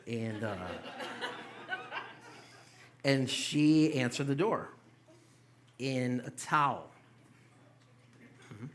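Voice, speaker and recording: A man's voice: mid-range voice, very slow, long pauses. A young man doing a stand-up set in a small comedy club, telling loose, profane stories with mocking quoted voices.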